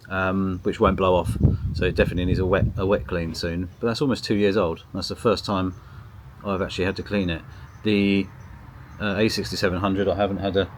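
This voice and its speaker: A man's voice: sits low, a little hiss or hum. A man chatting casually to camera outdoors in a garden, rambling with lots of ums and restarts, recorded on a small camera's built-in mic. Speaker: photography vlogger. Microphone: built-in mic of a small gimbal camera on a tripod.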